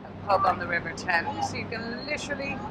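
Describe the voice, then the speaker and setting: A woman with a slightly high, lively, fairly quick voice narrates a river boat tour like a walking-tour vlog, chatty, upbeat, and informal. The tour guide films herself on an outdoor deck using a camera mic, with loud engine and water noise in the background.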